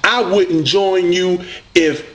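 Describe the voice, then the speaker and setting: A man's voice: high-pitched, steady tone, takes it slowly, a bit bright. A man from the United States, delivering a combative, preachy video rant at a rival debater. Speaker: online debater addressing a rival.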